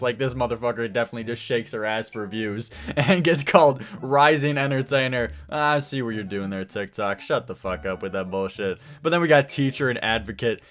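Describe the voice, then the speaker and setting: A man's voice: medium pitch, fairly bright tone. A man hosting his own channel, delivering a profane, rambling commentary rant and laughing often between points. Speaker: channel host.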